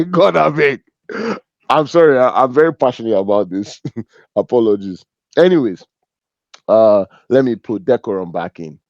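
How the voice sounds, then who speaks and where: A man with a Nigerian accent giving a humorous, animated business talk, joking and teasing as he tells stories. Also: fairly low pitch, moderate pace, no echo, highs cut off. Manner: animated and joking, laughs at his own stories. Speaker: business speaker.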